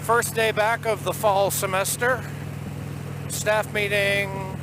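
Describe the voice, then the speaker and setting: Man, Boston accent, high voice, rambling casual vlog, road noise behind. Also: little pitch movement, slow. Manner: rambling, chatty storytelling. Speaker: vlogger. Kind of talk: casual vlog while riding. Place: outdoors on the road. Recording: outdoor traffic noise.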